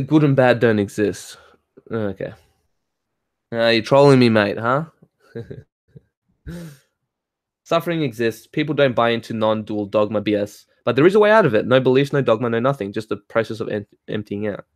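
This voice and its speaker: A man's voice: medium pitch, expressive, normal speed, long pauses, no echo, studio quality. A man ranting heatedly in casual talk, swearing and laughing as he reads and answers comments. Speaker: spiritual talk host reading chat.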